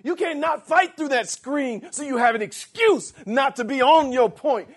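A man delivers a sermon at an extremely high pitch. Slow scripture reading gives way to plain-spoken explanation and then loud, emphatic outbursts.

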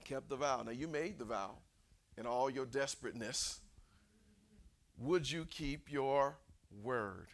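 A man preacher delivering a sermon, animated and quizzing his congregation with direct questions. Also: mid-range voice, measured pace.

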